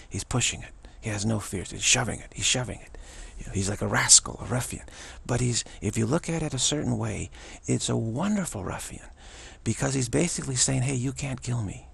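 A man talking off the cuff, circling back and repeating himself with theatrical flair. His voice is extremely gravelly and very raspy. The pitch sits at an ordinary level for a man. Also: fairly quick, fairly bright tone. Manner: rambling, repetitive, theatrical. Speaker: vlogger. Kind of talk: casual spiritual commentary.

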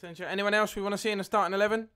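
A young man live-streaming a football game, chatting with viewers and getting excited at near misses. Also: sits high, racing, clean tone. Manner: chatty, reads chat aloud, excitable at goals. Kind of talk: live gameplay commentary and chat.

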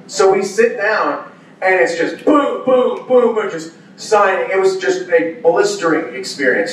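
A man on a convention panel spins animated stories, acting out the exclamations of the people in them. His voice comes from a distance in a big, echoey hall. A faint hum of ambience sits underneath. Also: high-pitched, unhurried. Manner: animated storyteller, acts out quoted exclamations. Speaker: voice actor guest at a convention panel. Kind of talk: casual storytelling Q&A. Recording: echoey hall audio from far off.

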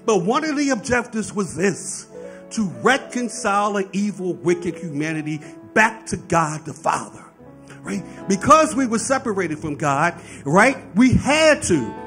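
A male pastor delivers a sermon in a high, strongly swinging voice that climbs into fervent peaks. He teaches plainly and keeps checking in with his listeners. Soft music sits faintly behind him. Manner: preaching with rising fervor, frequent "right?" asides.

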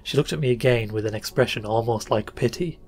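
A man narrating an old short story for a podcast in a measured, even reading. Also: mid-range voice. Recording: faint music bed under voice.

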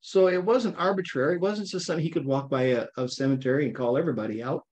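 A man's voice: on the high side, quick pace. Chatty man teaching a Bible study. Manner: conversational, checks in with frequent "okay?"; lively, playful with listeners.

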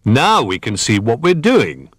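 A man playing a patient, know-how toy bear in a storybook, explaining things step by step in a lifted, lively voice. There is a slight husk, recorded close and dry. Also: medium pitch, unhurried, husky, no echo, pitched above the performer's own voice, exaggerated voice. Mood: thoughtful. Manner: explaining, gently instructive.

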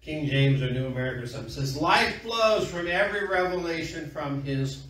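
A man's voice: a little high, expressive, fairly quick, fairly bright tone. A middle-aged man preaching a sermon in a folksy storytelling way, trading call-and-response with his congregation. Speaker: pastor. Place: small church room. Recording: echoey room from far off.

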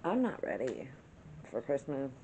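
A woman speaking in an unhurried, drawn-out way tells a story to her viewers in a casual chat-with-me vlog. She gets animated as she talks, laughs through the story and swears now and then. A faint hiss of background noise sits under her voice. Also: extremely low pitch. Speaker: vlogger.

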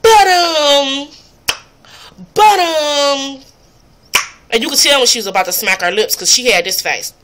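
A woman's voice: medium pitch, expressive, very fast, few pauses, pushed and bright, slight background noise. Blunt, profane woman ranting to camera. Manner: blunt, profane, exasperated ranting with mocking impressions. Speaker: vlogger. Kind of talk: casual rant to camera.

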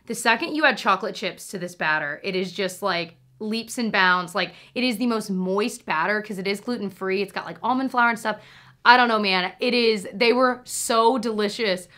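A woman in her thirties talks straight to camera about things she loves, in a loose, rambling way full of asides. Her voice is bright and ringing, and her delivery bubbly. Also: mid-range voice, normal speed. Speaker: vlogger. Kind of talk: casual monthly favorites chat.

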